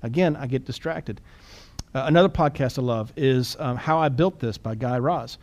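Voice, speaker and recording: A man co-hosting a podcast in casual chat, quick and animated, often restarting and repeating words. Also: medium pitch. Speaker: podcast co-host.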